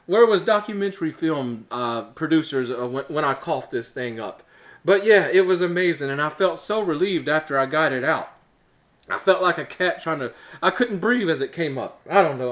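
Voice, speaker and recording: A man's voice: sits high, expressive, normal speed, fairly bright tone. A man with a stuffed-up nose, hosting his own show in casual, rambling chat full of uhs. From Alabama, US. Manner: rambling, chatty, with filler uhs and laughs. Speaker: show host. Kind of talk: casual solo talk to camera.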